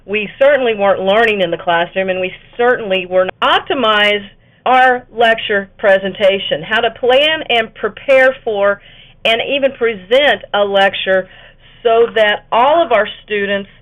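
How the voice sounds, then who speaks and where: A woman's voice: medium pitch, a bit bright. A woman presenting an instructional webinar to fellow educators, talking conversationally with fillers and the occasional self-correction. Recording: tinny phone-like webinar audio.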